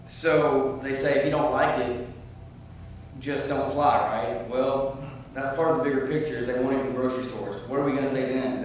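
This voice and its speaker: A man with a mid-range voice speaks at a community forum, his impassioned public comment starting as rambling and turning loud and heated. He's recorded from far away in a reverberant meeting room where faint noise can be heard behind him.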